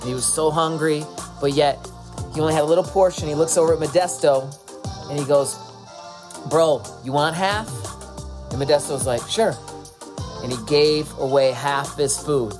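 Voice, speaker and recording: A man's voice: fairly high pitch, a little fast, music in the background. A man, the church pastor, energetically introducing a guest speaker. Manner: energetic, hype-building. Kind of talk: sermon introduction.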